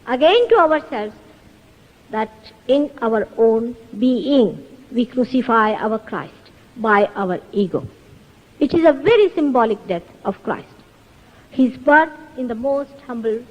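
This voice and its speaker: A woman in her fifties delivers a spiritual talk in an emphatic, earnest way, often turning to rhetorical questions. Her voice sits fairly high and swings widely in pitch. The 1970s recording carries the long reverb of a lecture hall. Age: 50s. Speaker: spiritual teacher.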